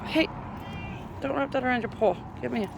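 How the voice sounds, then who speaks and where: With a high, creaky voice at a normal pace, a vlogger chats affectionately to the cat she's walking on a leash outdoors. She laughs as she coaxes it along, while faint street and traffic noise carries in the background.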